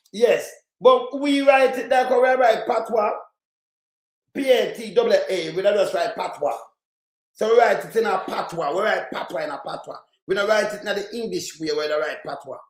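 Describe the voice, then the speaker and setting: A man with a Jamaican accent ranting in heated, crude, repetitive online commentary, shouting at times. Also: high-pitched. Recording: roomy echo.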